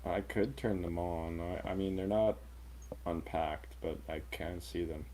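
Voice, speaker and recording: A man's voice: low-pitched, steady tone, a little slow, warm tone, slight background noise. A man co-hosting a casual film review chat, rambling and swearing freely. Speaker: radio show co-host.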